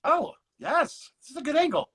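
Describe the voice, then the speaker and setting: Lively rambling male talk show host. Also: very high voice, moderate pace, background noise. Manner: rambling, joking, restarts often. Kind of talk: casual live-stream interview.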